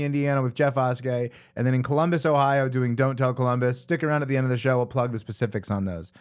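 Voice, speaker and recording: A man's voice: on the high side, smooth. Playful young man hosting a comedy podcast. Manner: playful, laughs often, jokey. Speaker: podcast co-host. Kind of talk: casual comedy banter.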